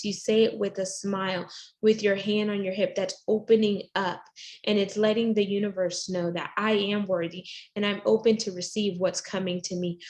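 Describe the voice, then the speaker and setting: A woman's voice: medium pitch, a little mellow. A woman life coach, a podcast guest, explaining mindset exercises in a motivational, affirming way.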